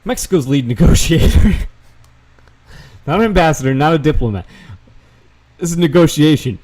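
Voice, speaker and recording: A man's voice: fairly high pitch, animated, moderate pace, darkish tone. A man doing casual, sarcastic commentary, reading news articles aloud and adding profane asides. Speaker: vlogger fact-checking news. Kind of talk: casual screen-share commentary.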